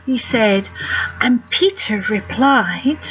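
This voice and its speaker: A woman's voice: high voice, expressive, takes it slowly, fairly bright tone, muffled recording, faint music behind. A woman reading a rhyming picture book aloud to children, gasping and asking the listener questions. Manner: gasps and asks the listener questions. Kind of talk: animated read-aloud storytelling.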